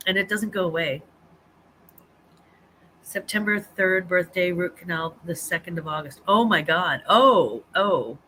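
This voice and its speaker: A woman's voice: fairly low pitch, measured pace, bright, forceful tone, slight background noise. A middle-aged woman hosting a casual live chat stream from home, rambling and reading comments, laughing often and restarting her sentences.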